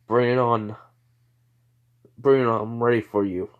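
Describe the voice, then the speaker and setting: A man's voice: lowish voice, slow, narrow, tinny audio. A playful, cocky teenage ninja boy who loves to tease, voiced by a man telling the story. He talks offhand and brash, like a storybook told aloud at home. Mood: eager.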